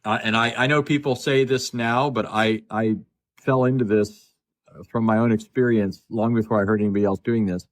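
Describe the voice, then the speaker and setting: A man tells a story on a phone video call, in a relaxed, chatty way. He repeats himself often and acts out both sides of a conversation. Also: fairly low pitch, a little fast. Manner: chatty, repeats words, acts out quoted dialogue. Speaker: guest speaker. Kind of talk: casual storytelling in a live discussion.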